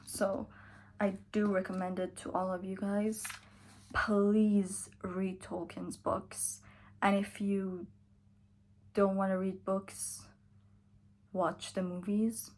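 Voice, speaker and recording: A young woman talks through a reading vlog in a casual, chatty way. She sounds tired and takes her time, drawing out her words at an easy, slow pace. Every so often she drops her voice to a whisper. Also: mid-range voice, fairly even intonation, slight background noise. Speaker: book vlogger.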